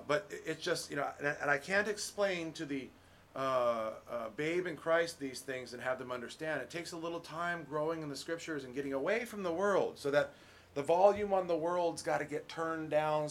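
Folksy middle-aged preacher, slightly high voice. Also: male voice, fairly bright tone, slight background noise. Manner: folksy, many restarts and "you know"s. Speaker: pastor. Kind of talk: conversational sermon.

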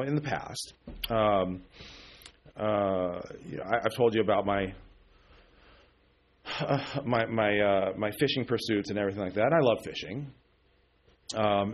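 A middle-aged man preaching a sermon as pastor, talking in a loose, conversational way with many fillers and asides, and rising with emphasis on key words. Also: fairly low pitch.

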